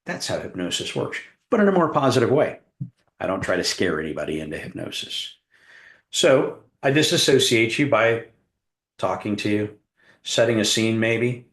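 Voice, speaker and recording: Middle-aged man, workshop presenter, low voice, lively storyteller, echoey room. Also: moderate pace. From Tucson, Arizona. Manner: animated storyteller, acts out scenes. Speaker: workshop presenter, hypnotist coach. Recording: roomy echo.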